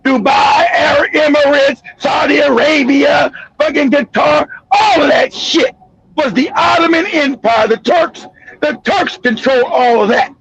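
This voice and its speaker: A man hosting a political commentary show, ranting angrily with profanity and bursts of shouting. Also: very high voice, unhurried, dry recording. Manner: angry, profane, shouting tirades. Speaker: host. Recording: dull lo-fi audio.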